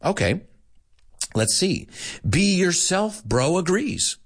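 Guy running a live english class online, bouncy pitch, takes his time, slips into spanish here and there. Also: slow, husky. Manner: animated, playful, switching into Spanish asides. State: out of breath at times. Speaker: English teacher hosting a live stream. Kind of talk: live-streamed language lesson.

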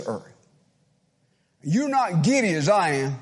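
A man's voice: high voice, very animated, takes it slowly, long pauses, husky. A man preaching a fervent sermon, chuckling often and repeating phrases with rising fervor.

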